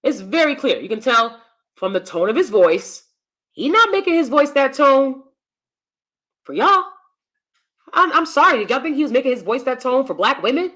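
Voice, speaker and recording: Woman host, live-stream commentary; bright, edgy tone, blunt and profane delivery. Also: fairly high pitch, very animated, normal speed.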